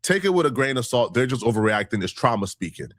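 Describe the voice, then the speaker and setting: A man's voice: medium pitch, very animated, fast talker, a bit bright, dry recording, clean studio sound. A man hosting a reaction commentary, laying out his argument point by point in an indignant, emphatic tone. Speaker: commentary channel host.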